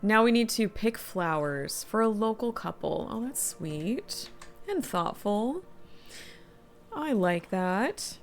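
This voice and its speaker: A woman's voice: medium pitch, a little hiss or hum. Chatty middle-aged woman game streamer. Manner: chatty, thinks aloud, reads quest text aloud. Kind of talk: casual live-stream commentary.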